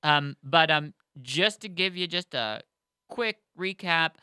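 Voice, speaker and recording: A man co-hosting a podcast in casual chat, excitable and rambling, full of fillers. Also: fairly high pitch, slow pace, clean tone, no echo, studio quality. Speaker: podcast co-host.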